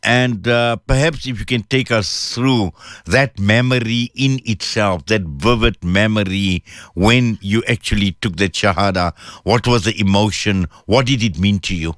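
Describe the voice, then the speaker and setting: Male host-interviewer, lowish smooth voice, dry recording, measured and gentle. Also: dry recording. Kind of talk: interview questions.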